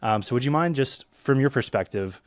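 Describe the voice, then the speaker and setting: A man's voice: medium pitch, fairly quick, no room sound, clean studio sound. A man from Eastern Kentucky hosting a podcast, talking casually with lots of ums. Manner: relaxed, many ums and restarts. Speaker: podcast host.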